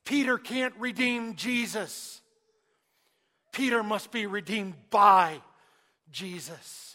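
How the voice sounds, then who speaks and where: A man preaching a sermon, swinging between loud emphasis and hushed asides, and acting out the quoted speech of Jesus and Peter. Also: high voice, takes it slowly.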